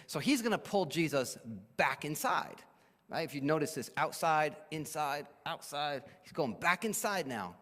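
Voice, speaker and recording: Animated preacher in an echoey hall. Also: male voice, a little high, normal speed. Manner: animated, emphatic, drops to quiet for weight. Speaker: pastor. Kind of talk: sermon.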